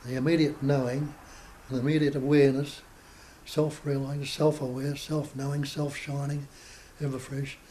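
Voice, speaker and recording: A man, a spiritual teacher, giving a measured talk to a small group and posing rhetorical questions as he explains. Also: medium pitch, flat delivery, dark tone, a little hiss or hum, low-quality recording.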